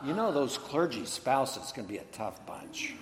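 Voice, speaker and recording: Slow, measured preacher in an echoing hall. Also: male voice, medium pitch, very animated, over a noisy crowd. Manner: measured, deliberate preaching with dry humor. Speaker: pastor. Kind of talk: sermon. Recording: echoey hall, long reverb.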